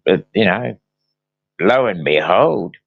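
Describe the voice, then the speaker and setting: A man's voice: sits low, expressive, slow pace, gravelly, breathy edge, no room sound. A man hosting a casual conversation, easygoing and swearing now and then. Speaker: host. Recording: dull, dry sound.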